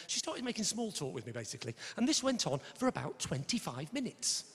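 A man's voice: fairly high pitch, very animated, brisk, fairly bright tone. A male stand-up comedian on a club stage, telling a story to the audience in a brash, swearing, conversational way. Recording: live hall recording with reverb.

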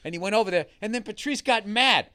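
A man's voice: high voice, fast, pushed and bright, smooth. A man in casual chat, telling blunt, profane stories and teasing the others. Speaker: comedian guest.

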